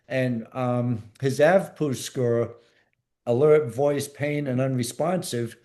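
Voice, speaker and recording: Mellow-voiced veteran man telling war stories. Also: mid-range voice, steady tone, slow pace. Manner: vivid, plain-spoken storytelling with repeats and restarts. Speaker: podcast guest, former Navy SEAL medic. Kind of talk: storytelling interview.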